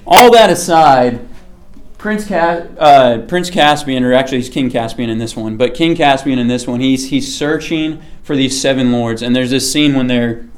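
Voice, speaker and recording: A man's voice: mid-range voice, moderate pace. A man giving a casual sermon to a small group, chatty and often checking in with the listeners. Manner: chatty, keeps checking in with "okay?".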